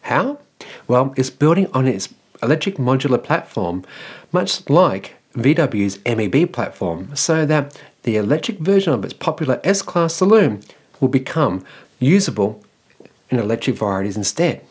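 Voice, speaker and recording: A man's voice: mid-range voice, very animated, normal speed, a little mellow, slightly rough. A man from Australia hosting an electric car news show, reading his script in a loose, casual way and filling gaps with "like" and "well". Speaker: EV news host.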